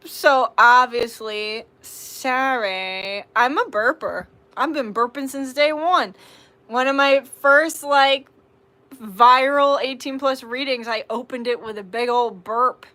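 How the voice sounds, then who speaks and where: A young woman talks casually to viewers of her live tarot stream, reading their comments aloud and answering them. Her voice sits a little high and sounds bright and clear. She giggles often and swears without a second thought. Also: takes it slowly.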